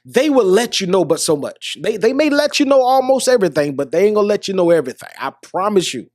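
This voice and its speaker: A man's voice: sits high, big pitch swings, fast talker, darkish tone, no room sound, studio quality. A middle-aged man hosting a podcast, giving earnest motivational advice straight to listeners, often restarting his sentences. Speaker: podcast host. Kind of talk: motivational monologue.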